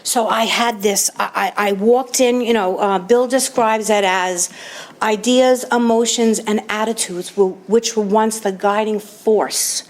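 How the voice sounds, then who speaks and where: A woman's voice: mid-range voice, fairly even intonation, a little slow. A woman in her fifties or older from New York, giving a candid, self-mocking personal testimony as a recovery meeting speaker.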